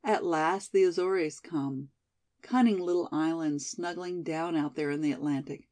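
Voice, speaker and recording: A woman's voice: deep voice, measured pace, darkish tone. A woman voicing a passionate, dreamy young college girl in a storybook reading, pleading and rapturous by turns.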